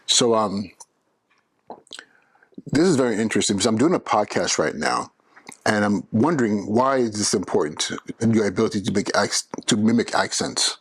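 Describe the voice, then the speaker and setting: A man's voice: fairly low pitch, moderate pace, breathy edge, no echo. A man hosting his own podcast as an educator, talking earnestly and persuasively with frequent restarts. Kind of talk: solo podcast talk.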